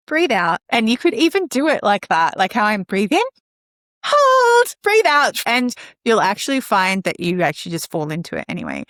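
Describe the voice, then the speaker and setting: An earnest woman speaks at a middle pitch, explaining calming techniques in a practical, conversational way. She now and then acts out slow breaths in and out. The sound is close and dry, with no room around it. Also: no room sound. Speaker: guest speaker on caregiving. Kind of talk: conversational advice.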